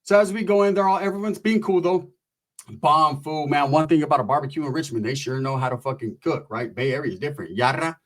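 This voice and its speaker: A middle-aged man doing stand-up storytelling, profane and animated as he acts out the voices of people in his story. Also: a little high, quick pace. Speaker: comedian storyteller.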